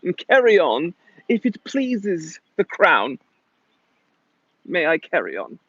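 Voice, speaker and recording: A man doing a fawning posh English courtier voice: high and pompous, gravelly, dry dull audio. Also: wildly swooping pitch, slow pace, a bit bright, exaggerated voice. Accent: put-on posh British. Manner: fawning, overly formal.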